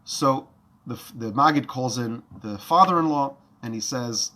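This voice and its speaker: A male Torah teacher telling a story with lively, animated delivery. His voice is bright and forceful and sits at a middle pitch. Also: measured pace. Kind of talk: storytelling lesson.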